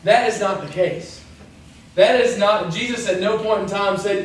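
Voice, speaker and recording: A man's voice: sits high, moderate pace. A man giving a casual, jokey sermon, acting out the people in his stories. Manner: chatty and jokey, acts out voices in stories. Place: church. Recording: distant mic in an echoey church hall with faint noise.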